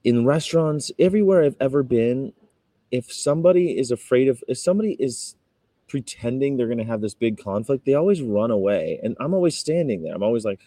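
A man from California talks to the camera in a loose, rambling way, retelling street encounters and raising his voice when he acts out the people in them. His voice is warm and dark, and the recording is close and dry, with no room sound. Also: medium pitch, animated, brisk, dry recording. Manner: rambling storyteller, acts out confrontations in raised voices. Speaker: vegan activist vlogger. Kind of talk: casual talking-to-camera vlog.

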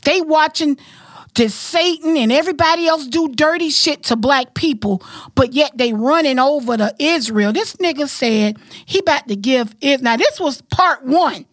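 A woman's voice: sits high, animated, normal speed, dry recording, studio quality. A woman hosting a casual podcast, talking bluntly, profanely and emphatically. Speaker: podcast host.

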